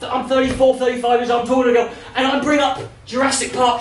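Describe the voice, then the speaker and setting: A man in his thirties doing a live stand-up set, brash and profane, breaking into shouts. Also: very high voice, flat delivery, fast talker, hardly any pauses, distant mic, a little hiss or hum. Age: 30s. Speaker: stand-up comedian. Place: comedy venue in front of a laughing audience. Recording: roomy live venue sound, voice off-mic at times.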